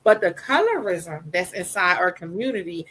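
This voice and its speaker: A woman with a soft voice, speaking as a podcast guest in a candid, emphatic conversation, retelling her story with lively repetition. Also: lowish voice, normal speed, breathy edge, low-quality recording.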